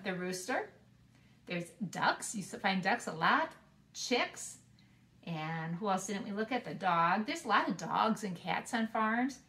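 A woman's voice: mid-range voice, fairly bright tone. Cheerful preschool teacher woman. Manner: talks slowly and clearly to small children, sings along. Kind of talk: preschool video lesson.

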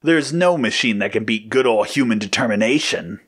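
A man's voice: medium pitch, expressive, moderate pace, a bit bright, breathy edge. Cocky, laid-back male hero, breezy and casual; the male narrator's own voice.

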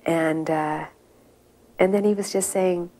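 A woman's voice: on the low side, steady tone, mellow. Earnest middle-aged woman recalling memories. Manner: earnest storytelling with many pauses and fillers. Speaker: devotee recounting memories. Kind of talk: personal reminiscence.

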